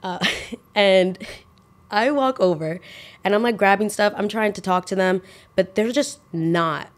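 Young woman podcast host doing storytime, says like a lot, rushes then slows down, middle pitch. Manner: animated, filler-heavy with lots of "like". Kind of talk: casual storytime.

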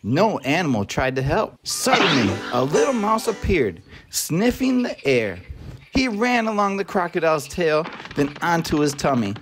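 Guy reading a kids picture book out loud, super lively and animated, faint music behind. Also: sits high. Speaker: storybook narrator. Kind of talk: expressive read-aloud for children.

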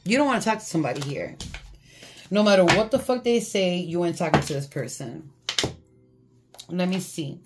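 A woman's voice: lowish voice, animated, normal speed, long pauses. Blunt, profane woman reading tarot. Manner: blunt, profane and laughing often. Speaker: tarot reader. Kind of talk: casual tarot reading monologue. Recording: faint background noise.

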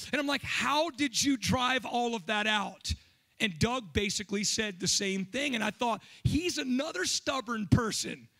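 A man preaching a sermon as pastor, telling stories with animated, emphatic delivery. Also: very high voice, creaky.

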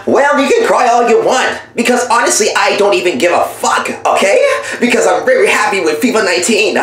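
A woman's voice: medium pitch, animated, fairly quick, natural voice. A woman playing a smug young boyfriend in a comedy voiceover skit, taunting and dismissive as he breaks up with his girlfriend. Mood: mocking. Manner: taunting, dismissive, repeats a catchphrase. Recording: very echoey room.

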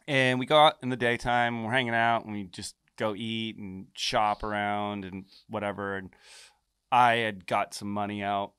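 A man guest on a podcast, telling a story in a casual, animated way and swearing freely as he acts out the lines of others. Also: fairly low pitch, moderate pace, clean tone, dry recording, studio quality.

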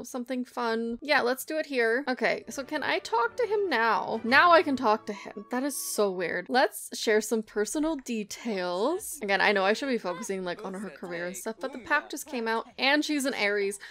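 A woman's voice: a little high, fairly bright tone. Chatty woman narrating her gameplay. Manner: chatty, thinks aloud, laughs often. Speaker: gameplay video creator. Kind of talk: casual gameplay commentary.

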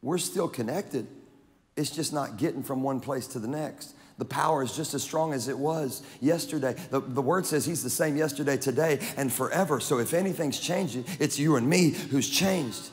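A man from Louisiana preaching a sermon as pastor, animated and joking, with crowd banter. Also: mid-range voice, normal speed. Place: large church auditorium. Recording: long reverb of a large hall.

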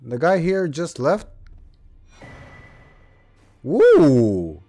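A man giving excitable let's play commentary, swearing and ranting at the game. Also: fairly high pitch, very slow. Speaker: gaming youtuber. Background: faint game music.

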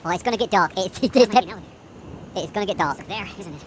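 A woman's voice: medium pitch, animated, quick pace, slight background noise. Jumpy, swearing woman gamer. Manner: jumpy, swears a lot, nervous laughing. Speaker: let's play gamer. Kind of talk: horror game commentary.

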